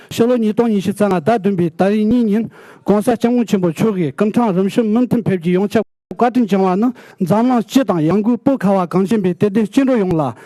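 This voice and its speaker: High-voiced man giving a formal address. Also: mellow, no room sound. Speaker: community leader.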